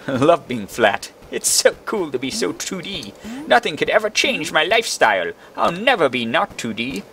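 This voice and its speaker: A man's voice: on the high side, very animated, moderate pace, fairly bright tone, slight background noise, pitched above the performer's own voice. Guy doing a self-satisfied villager, bouncy and pompous. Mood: smug. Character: proud flat two-D village man, pompous.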